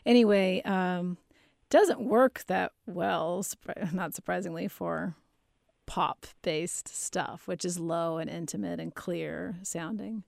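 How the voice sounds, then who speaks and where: A woman's voice: lowish voice, slow, vocal fry, darkish tone, no echo, studio quality. A woman who teaches singing and plays piano, explaining her views in a thoughtful conversational way. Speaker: voice teacher and pianist. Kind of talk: casual conversation.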